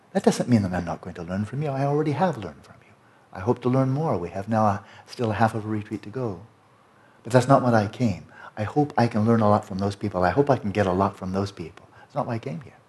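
American guy teaching a retreat, lowish voice, emphatic, keeps asking right?. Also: warm tone. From United States. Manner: emphatic, conversational, repeats tag questions. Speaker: meditation teacher. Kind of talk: dharma talk to retreat students.

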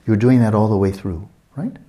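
Mellow low-voiced male meditation teacher. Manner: unhurried, questioning, checks in often.

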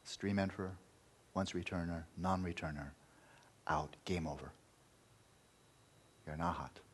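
Man, meditation teacher, very low husky voice, emphatic dharma talk with soft whispered passages. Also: a little slow. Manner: emphatic, repeating key words, dropping to near-whispers.

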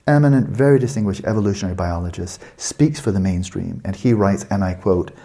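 Brief: male meditation teacher, lecture delivery, low mellow voice, rhetorical and emphatic. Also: brisk. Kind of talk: spoken dharma lecture.

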